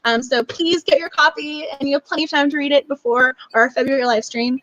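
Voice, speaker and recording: A woman's voice: sits high, steady tone, fairly quick, a bit bright, lo-fi sound. A young woman hosting a book club live stream, chatting casually and gushing, with many laughs and fillers.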